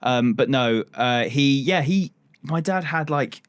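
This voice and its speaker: A chatty man hosting a relaxed podcast, laughing easily and dropping casual swear words. His voice sits at a middle pitch and is recorded dry and close to the mic. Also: slow, clean tone, no echo. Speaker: podcast host. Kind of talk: casual chat.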